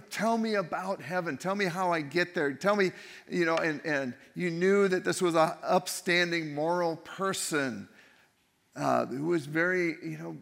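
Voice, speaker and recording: Gravelly male pastor in a reverberant hall. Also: on the high side, pushed and bright. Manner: conversational preaching with restarts and rhetorical questions. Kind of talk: sermon.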